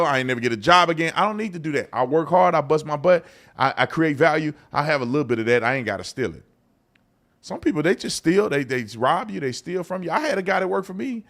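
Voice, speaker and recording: Animated man telling a story. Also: medium pitch, normal speed. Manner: animated storyteller, acts out both sides of a phone call. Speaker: show host and business owner. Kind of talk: storytelling monologue on a live show.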